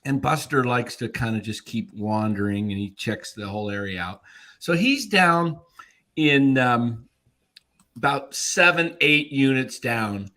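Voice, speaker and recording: Animated bright-voiced man telling a story. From Arizona. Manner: animated, acts out quotes in a loud high voice. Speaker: podcast regular telling a story. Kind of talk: casual storytelling chat.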